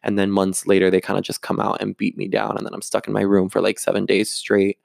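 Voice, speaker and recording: Young man, low gravelly voice, dry close sound, confessional vlogger, rambling and open. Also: completely flat delivery, quick pace, darkish tone, no echo. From Florida. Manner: candid, rambling, with many fillers and restarts. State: close to tears at moments. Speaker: actor and vlogger. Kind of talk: confessional vlog monologue.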